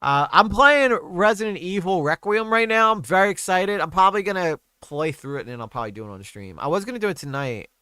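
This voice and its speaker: A young man hosts a loose, casual stream chat, swearing freely and trailing off between thoughts. His voice is smooth and resonant, and it sounds close and dry, with little room sound. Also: high voice, animated, fast talker, hardly any pauses, pushed and bright, dry recording. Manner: crude, rambling, trails off often. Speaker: streamer host.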